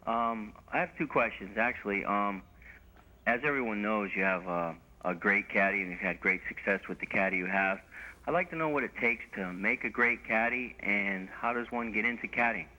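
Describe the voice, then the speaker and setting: A man calling into a talk show from the United States, asking his question hesitantly with many pauses. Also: fairly low pitch, bright, forceful tone, low-quality recording. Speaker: caller. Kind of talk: caller question.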